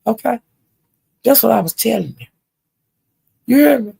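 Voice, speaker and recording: An older woman telling a story in a loud, profane, animated casual rant. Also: a little high, normal speed, vocal fry, slightly rough.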